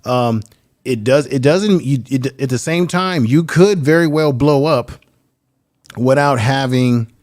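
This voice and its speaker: A man's voice: medium pitch, a little slow, darkish tone. A man who is a little tired, a guest on a live stream, giving earnest advice about building a channel. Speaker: guest YouTuber. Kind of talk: casual live stream chat.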